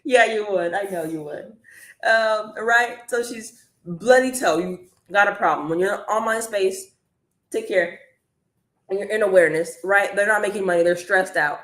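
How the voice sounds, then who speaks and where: Woman, energetic live-stream coach, chatty, says y'all, mid pitch, echoey room. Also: moderate pace. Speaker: online business coach.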